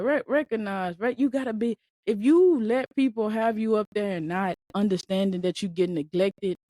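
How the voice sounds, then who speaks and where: A woman hosting a podcast as a mindset speaker, talking in a blunt, colloquial, animated way with frequent repeats and the odd swear word. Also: mid-range voice, dry recording. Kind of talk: casual motivational monologue. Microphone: podcast microphone.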